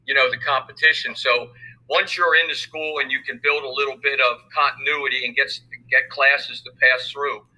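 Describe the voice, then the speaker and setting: An older man speaks as a football coach in an interview. His voice has a sharp, bright edge at a middle pitch, and he talks in a measured, thoughtful way. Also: fairly even intonation, rough recording. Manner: measured, thoughtful, many fillers. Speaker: high school football coach. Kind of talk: interview conversation.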